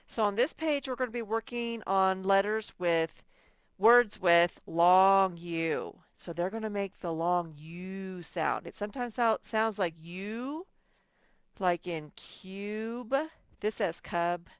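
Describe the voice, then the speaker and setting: A woman's voice: mid-range voice, slow, clean tone, no echo. A woman teaching a reading lesson to young children, drawing out words and sounding out letters. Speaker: first-grade teacher.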